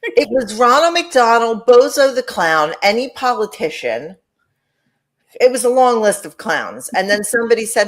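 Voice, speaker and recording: A woman co-hosting a chat show, talking in an animated, gossipy way and swearing freely. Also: fairly high pitch, normal speed. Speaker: co-host. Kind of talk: casual chat.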